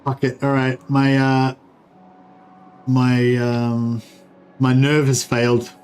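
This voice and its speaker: A man's voice: mid-range voice, monotone, slow pace, a little mellow, smooth. Man musing through a strategy game. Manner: thinking aloud, hesitant, swearing casually. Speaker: game streamer. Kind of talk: casual gameplay commentary. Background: faint game music.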